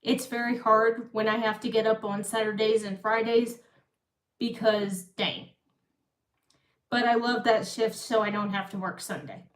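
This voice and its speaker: A woman's voice: a little high, level tone, a little slow. A woman in her thirties telling a rambling story on a live stream, often breaking off and restarting. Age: 30s. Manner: rambling, self-interrupting. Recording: echoey room, far from mic.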